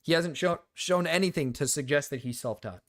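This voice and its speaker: A man's voice: fairly high pitch, fairly quick, fairly bright tone, dry recording, clean studio sound. A man streaming reaction commentary, ranting sarcastically and swearing a lot.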